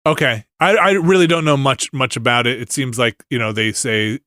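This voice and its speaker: A man's voice: medium pitch, moderate pace, sharp tone, no echo, studio quality. A man hosting a casual podcast, joking and laughing through an ad read. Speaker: podcast host.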